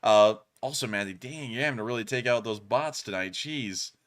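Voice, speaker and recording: A man's voice: medium pitch, moderate pace, a bit bright. A man hosting a casual livestream, rambling and laughing often, thanking viewers with stock phrases. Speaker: livestream host.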